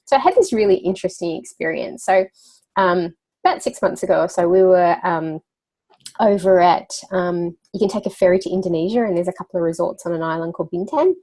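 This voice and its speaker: A woman's voice: on the low side, fairly quick, mellow. A woman guest in a casual interview, talking as a children's wellbeing coach with a chatty storyteller's manner, laughing now and then and using lots of fillers. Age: adult parent.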